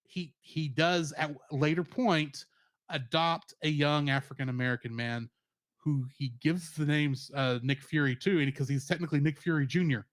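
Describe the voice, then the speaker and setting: A man's voice: on the high side, steady tone, normal speed, no echo, studio quality. A man co-hosting a podcast, chatting casually and animatedly, laughing often as he rattles off trivia. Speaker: podcast co-host. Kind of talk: casual review chat.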